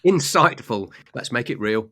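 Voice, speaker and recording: A man's voice: on the low side, animated, fairly quick. A man co-hosting a podcast in casual chat, with wry jokey asides and long rambling anecdotes. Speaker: podcast co-host.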